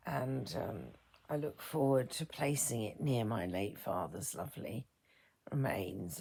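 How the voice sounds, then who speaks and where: A woman in her fifties speaking a personal reflection as a vlogger, soft-spoken and halting, her words often trailing into a whisper. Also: a bass voice, gravelly, a little hiss or hum. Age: 50s.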